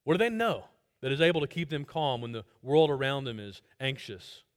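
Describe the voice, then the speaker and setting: With a medium pitch and a fairly quick pace, a very animated male pastor gives an expository sermon. He repeats key phrases emphatically, rising to loud stresses and falling to soft drops.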